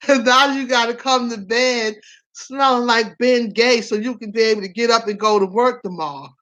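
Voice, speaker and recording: A woman hosting a casual chat show, frank and playful, laughing often between lines. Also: medium pitch. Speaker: host.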